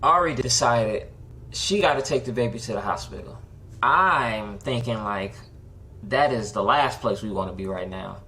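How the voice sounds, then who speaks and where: A man's voice: moderate pace, slight background noise. Young man telling a wild storytime. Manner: animated, acts out his own panicked quotes in a higher voice; laid-back slangy talk with many likes and restarts. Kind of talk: casual storytime narration.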